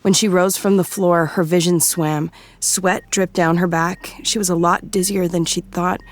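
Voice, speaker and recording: A woman giving measured, scripted audiobook narration. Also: lowish voice, steady tone.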